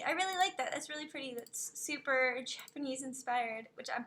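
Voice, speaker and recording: A woman streamer chatting casually on a live stream, gushing over what she sees and dropping into soft whispered asides. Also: high voice, brisk.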